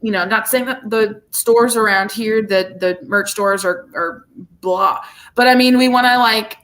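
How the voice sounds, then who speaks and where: Bright, bubbly woman podcast co-host. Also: mid-range voice, measured pace. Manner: bubbly and gushing, repeats herself when excited. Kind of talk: casual chat.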